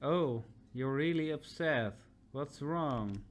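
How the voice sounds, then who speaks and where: A man's voice: mid-range voice, expressive, takes it slowly, slight background noise. A man voicing a teasing comrade of the captain in a video game, light in manner.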